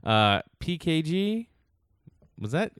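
Lively teasing Maryland man. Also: takes it slowly, clean tone, dry recording, studio quality. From Maryland, USA. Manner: edgy, teasing, lively swings in pitch. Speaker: podcast co-host. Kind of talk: casual podcast banter.

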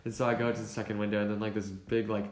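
A young man in casual chat, telling a rambling story in a relaxed way, full of fillers. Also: lowish voice, very fast. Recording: roomy echo.

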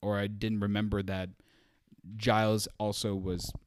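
A man's voice: lowish voice, flat delivery, measured pace, a little hiss or hum. A man co-hosting a casual podcast, rambling with lots of "like", swearing now and then and laughing easily. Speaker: podcast co-host. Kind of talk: casual chat.

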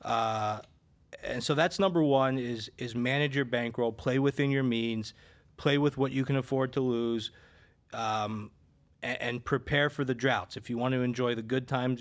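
A man's voice: mid-range voice, moderate pace. A man working as a sports betting advisor, telling stories in a casual chat, with many restarts and fillers.

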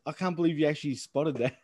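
A man's voice: fairly high pitch, a little fast, darkish tone, husky, dry recording, clean studio sound. A man co-hosting a casual wrestling podcast, talking in a friendly, chummy way and calling people "dude" and "man". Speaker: podcast co-host.

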